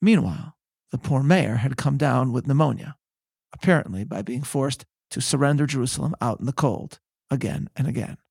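A man hosting a podcast, telling history in measured, scripted narration that slows for emphasis. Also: mid-range voice, creaky, darkish tone, slightly rough, no room sound, clean studio sound. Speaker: podcast host.

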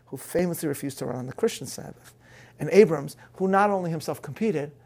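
A man with a gravelly edge to his voice delivers a prepared talk to a live audience. His pitch sits a little high for a man, and he speaks earnestly, building emphasis as he goes. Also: mellow. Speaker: speaker giving a talk on faith.

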